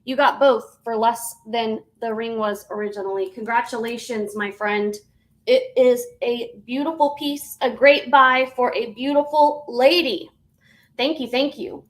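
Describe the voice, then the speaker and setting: A woman selling jewelry on a live stream, chatty and unhurried, dropping to soft half-whispers and breaking into sing-song greetings. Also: a little high, steady tone, rough recording. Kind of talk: live auction sales stream.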